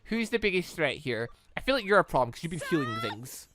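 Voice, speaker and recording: A man's voice: a little high, sing-song, fast talker, fairly bright tone, slight background noise. A man giving exasperated let's-play commentary, swearing often and talking back to the game. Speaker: gaming YouTuber.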